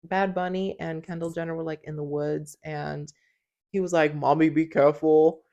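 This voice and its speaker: Co-host: young woman, lower register, giggly casual chatter, filler-heavy. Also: fairly even intonation, moderate pace, a little mellow, highs cut off. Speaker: podcast co-host. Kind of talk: casual chat.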